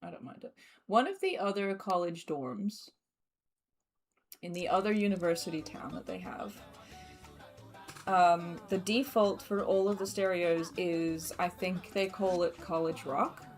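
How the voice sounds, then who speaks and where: A young woman with an Australian accent chatting casually while streaming a game, laughing often and filling pauses with ums and likes. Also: fairly low pitch, faint music behind. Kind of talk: casual gameplay commentary.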